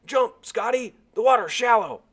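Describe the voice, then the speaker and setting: A man reading a storybook, voicing an excited American sailor who shouts from across the water. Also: medium pitch, moderate pace. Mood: shouting.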